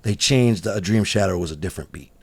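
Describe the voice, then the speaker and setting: A man telling studio stories in casual podcast chat, animated and laughing often as he acts out what others said. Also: low voice, quick pace, creaky, slightly rough. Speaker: studio engineer guest.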